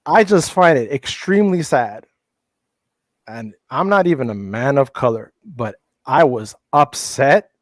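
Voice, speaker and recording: A man's voice: mid-range voice, animated, unhurried, dry recording. A middle-aged man speaking in a casual panel discussion, heated and profane, often restarting his sentences.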